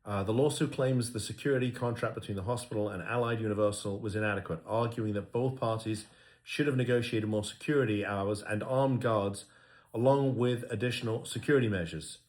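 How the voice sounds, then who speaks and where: Earnest lower-voiced man, filler-heavy commentary. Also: a little fast, darkish tone. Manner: earnest, repeats himself, many fillers. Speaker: lawyer. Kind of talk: casual commentary to camera.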